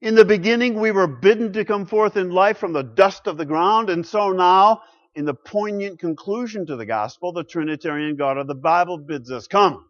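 Pastor preaching; man with a fairly high voice, dramatic shifts between loud and hushed, muffled recording. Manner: rhetorical questions, swings from loud to hushed. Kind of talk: sermon. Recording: muffled lo-fi sound.

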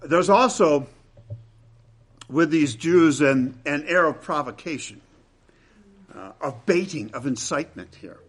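A man preaching a sermon with dramatic, emphatic delivery, swinging between loud and hushed lines. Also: on the high side, animated, a little slow, long pauses, breathy edge.

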